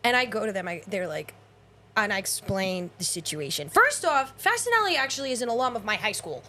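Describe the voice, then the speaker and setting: A woman in her forties co-hosting a podcast, telling animated stories in casual chat, acting out quoted voices, swearing and laughing often. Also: medium pitch, a little fast, a little hiss or hum. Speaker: podcast co-host.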